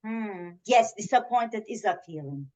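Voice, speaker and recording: A woman's voice: medium pitch, animated, a little slow, a little mellow. A woman presenting an interactive webinar on communication, encouraging her audience and acting out example lines.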